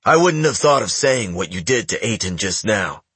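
Male reader doing a gruff, tense loyal soldier, higher than the narration. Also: lively intonation, moderate pace, a bit bright, dry recording. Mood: tense, frustrated.

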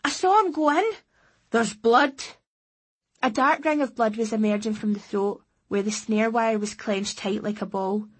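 A woman narrates a first-person story in a low-key, understated manner. Her voice is husky and slightly breathy, at a middling pitch. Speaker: audiobook narrator.

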